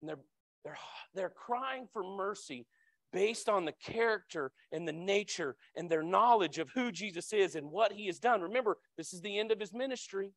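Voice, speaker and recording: A man preaching a sermon as a church elder, talking conversationally, often repeating his words, and breaking into loud high cries when voicing the people in the story. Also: expressive, normal speed, no room sound, studio quality. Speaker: lay preacher. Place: church sanctuary.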